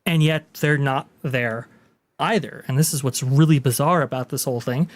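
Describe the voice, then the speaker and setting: Male podcast host, casual, explanatory, average pitch. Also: normal speed. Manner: chatty, explanatory, with frequent fillers. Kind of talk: casual commentary over video clips.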